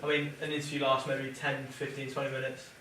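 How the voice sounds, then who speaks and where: A man's voice: medium pitch, completely flat delivery, fairly quick, fairly bright tone, slight background noise. A young man giving a classmate advice, often repeating his openings as he thinks. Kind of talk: casual group discussion. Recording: echoey room from far off.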